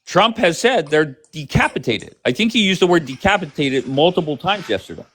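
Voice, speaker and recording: A man's voice: on the high side, animated, fairly quick, a bit bright, slightly rough. A man hosting a live stream who presses his caller with pointed questions and keeps interrupting. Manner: pressing, interrupting, asks for yes or no. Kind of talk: casual political debate.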